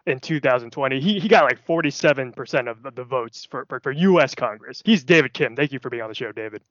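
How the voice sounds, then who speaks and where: A man's voice: mid-range voice, animated, fast, fairly bright tone, dry recording. A man hosting a casual podcast, joking and asking questions with many restarts. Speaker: podcast host. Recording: dull dry lo-fi sound.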